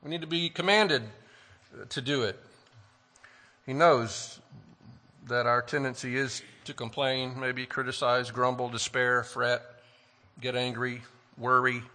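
A man preaching a sermon earnestly, asking rhetorical questions and slowing down to stress key phrases. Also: mid-range voice, steady tone, pushed and bright. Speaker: pastor.

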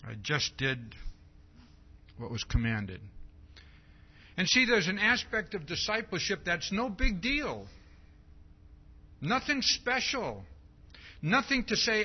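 A man preaching a sermon, reading scripture aloud and asking "see?" again and again in a slow, emphatic way. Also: sits high, big pitch swings, husky. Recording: dull lo-fi recording.

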